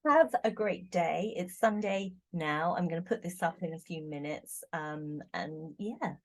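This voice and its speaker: A woman's voice: on the low side, measured pace. A middle-aged British woman, a tarot reader hosting a casual chat, talking in a chatty, giggly, exclamatory way. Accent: British English. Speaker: tarot reader, channel host.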